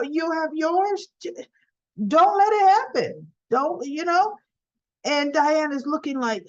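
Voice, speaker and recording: A woman's voice: on the high side, highs cut off. Chatty woman retelling soap scenes. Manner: animated retelling, quoting characters in lifted voices. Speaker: soap opera recap vlogger. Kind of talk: casual recap chat.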